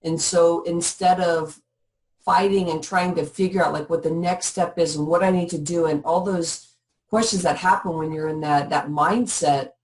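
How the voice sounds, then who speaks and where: A woman's voice: fairly low pitch, steady tone, moderate pace, a little mellow. A woman co-host musing aloud and asking the guest a long, thoughtful question. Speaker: podcast co-host. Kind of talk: interview questions. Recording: voice a bit distant from the mic.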